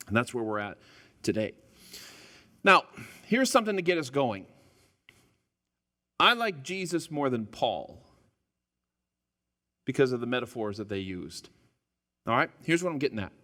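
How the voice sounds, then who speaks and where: A man's voice: medium pitch, big pitch swings, brisk, long pauses, sharp tone. A man preaching as a pastor to a church congregation, casual and joking, with frequent stumbles and restarts. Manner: chatty and self-deprecating, stumbles and restarts. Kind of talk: casual, joking sermon opening. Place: church sanctuary. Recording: long hall reverb in a church.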